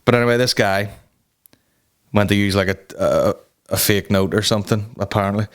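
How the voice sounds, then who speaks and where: A man's voice: fairly low pitch, fairly even intonation, brisk. A man hosting a comedy podcast, ranting heatedly with lots of swearing and restarts. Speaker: podcast host.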